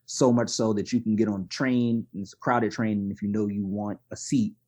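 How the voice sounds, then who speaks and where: A man, a podcast guest telling stories in a candid, animated, self-deprecating way. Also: on the low side, brisk. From Brooklyn, New York. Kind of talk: conversational storytelling.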